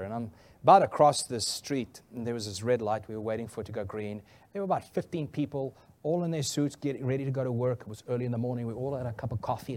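A male pastor telling a funny story in a sermon, animated and laughing often. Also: mid-range voice.

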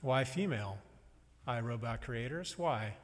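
A man's voice: medium pitch, expressive, unhurried. A man preaching a sermon in a conversational, wry and reflective way. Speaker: pastor. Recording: long reverb of a large hall.

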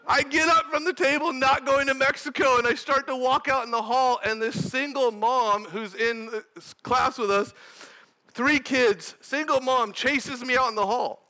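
A young man preaching, telling a personal testimony in an animated, storytelling manner that breaks into shouting. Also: very high-pitched, measured pace. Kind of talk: sermon testimony.

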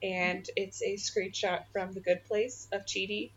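A woman's voice: medium pitch, little pitch movement, a little slow. A young woman co-hosting a podcast, laughing often as she reads memes aloud in casual chat. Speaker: podcast co-host. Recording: slightly dull, faint noise.

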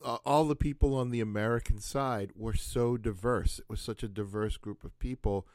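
A man's voice: mid-range voice, steady tone, moderate pace, a little mellow, dry recording. A man hosting a casual conversation, musing aloud and wandering into asides as he thinks things through.

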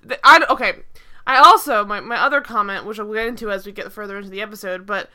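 A podcast co-host with a mid-range voice and a sharp tone talks quickly about a TV episode. Her casual chat rambles, full of "like" and constant restarts.

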